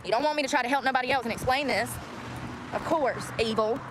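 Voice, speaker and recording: Standing outdoors by a road, a young woman vlogs and vents at her viewers in a blunt, profane rant. She has a high voice and talks fast, with clear traffic noise around her.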